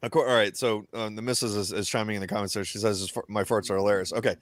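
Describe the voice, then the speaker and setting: A young man hosting a podcast, telling crude stories in profane, animated casual banter on a close mic. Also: lowish voice, fast. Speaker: podcast host.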